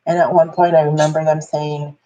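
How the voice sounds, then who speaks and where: A woman's voice: deep voice, little pitch movement, a little fast, dark tone, lo-fi sound, slight background noise. A woman vlogger telling a personal story in a candid, rambling way, full of fillers and restarts.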